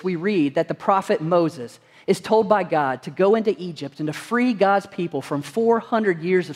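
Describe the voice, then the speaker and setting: A man's voice: sits high, darkish tone, big-room sound. A man preaching a sermon as pastor, earnest and full of rhetorical questions to the congregation. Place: church sanctuary.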